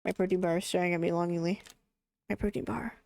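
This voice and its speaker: A woman's voice: lowish voice, steady tone, fast talker, vocal fry, darkish tone, no room sound. A young woman streaming a game, chatting casually as she plays, rambling and laughing often. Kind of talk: casual live gameplay commentary.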